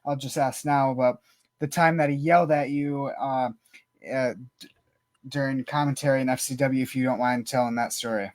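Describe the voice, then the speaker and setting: A man hosting a casual interview podcast, asking relaxed questions and giving short replies. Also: mid-range voice, normal speed. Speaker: podcast host.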